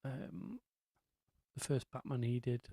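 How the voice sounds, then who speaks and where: A man's voice: mid-range voice, level tone, slow pace, mellow, dry recording. A man hosting a casual live-stream chat, rambling along with lots of ums and asides.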